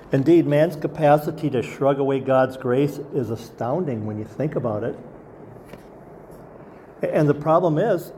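A man's voice: mid-range voice, warm tone, a little hiss or hum. A man preaching a sermon as pastor, earnest and asking the congregation rhetorical questions.

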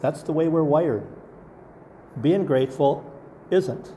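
A man's voice: on the high side, slow pace, dark tone, a little hiss or hum. A man preaching a sermon as pastor, earnest and asking the congregation rhetorical questions.

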